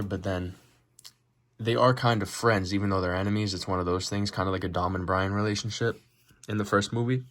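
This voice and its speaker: A man's voice: low-pitched, a bit bright. A man giving casual, rambling commentary on a movie, swearing and joking as he goes. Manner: rambling, profane, joking asides. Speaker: movie reaction host.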